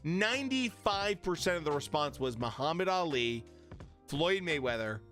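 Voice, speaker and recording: A man streams from his home room in a blunt, cursing, casual chat. His pitch sits a little high and swings widely, though he takes his time. Faint music plays underneath. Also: lively intonation, moderate pace, fairly bright tone. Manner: blunt and profane, riled up. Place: home streaming room with lit panel backdrop.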